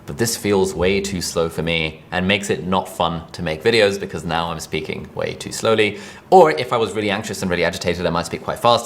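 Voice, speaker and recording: A man giving a conversational direct-to-camera tutorial on presenting, energetic and quick, recorded with a videographer. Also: sits low, slight background noise. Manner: fast, energetic, conversational delivery. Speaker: online video coach.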